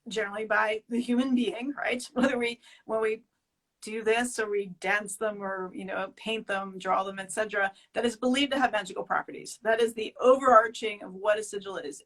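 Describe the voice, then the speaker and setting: A woman's voice: medium pitch, brisk. A woman being interviewed as an author, talking casually with frequent laughs and restarts. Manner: animated, laughs often, many restarts. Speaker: author and guest.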